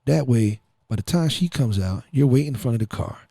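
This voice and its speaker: A man's voice: medium pitch, lively intonation, fairly quick, creaky, warm tone, no room sound, clean studio sound. A man voicing a tough street gangster who lectures a teenage boy in a stern, profane way. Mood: instructive.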